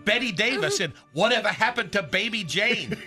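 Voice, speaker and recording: A man's voice: high voice, lively intonation, normal speed. A male radio host delivering a mock-dramatic, snarky roast, chuckling through his lines. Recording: music bed behind.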